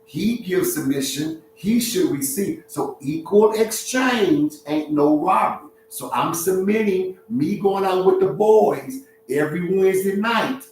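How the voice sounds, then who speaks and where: A man in a lively, preachy livestream talk, speaking as a relationship counselor and leaning on street slang. His voice sits a little high for a man and sounds distant from the mic. The room is very echoey, with a faint hum underneath. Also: unhurried, hardly any pauses.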